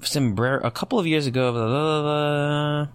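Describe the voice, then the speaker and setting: A young man hosting a solo podcast, thinking out loud and rambling through rhetorical questions as he reads online comments. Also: a little high, fairly even intonation, moderate pace, clear, resonant tone, no room sound. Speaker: podcast host.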